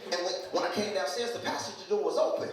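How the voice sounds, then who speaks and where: A man's voice: high-pitched, steady tone, fast talker. A man doing stand-up, telling a story and laughing through it. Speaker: stand-up comedian. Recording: distant echoey club recording with loud crowd.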